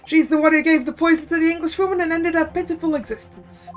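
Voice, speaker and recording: A woman's voice: extremely high pitch, steady tone, quick pace, faint music behind, voice pushed up. Woman doing a swaggering Cockney newsman. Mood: self-righteous. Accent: Cockney, put on. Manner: swaggering, self-righteous. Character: boastful male Cockney journalist with self-righteous zeal.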